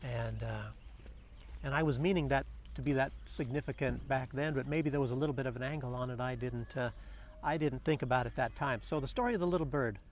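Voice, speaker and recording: A man's voice: medium pitch, fairly quick, slight background noise. A man giving casual commentary and telling a fable in a rambling way, full of fillers and restarts. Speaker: vlogger. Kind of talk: casual spoken commentary and storytelling.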